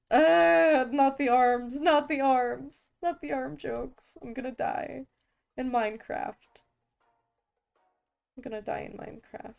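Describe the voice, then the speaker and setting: A woman's voice: fairly high pitch, creaky, a little mellow. A woman streaming as a vtuber, chatting casually with viewers while drawing, playful and self-mocking with frequent laughs and restarts.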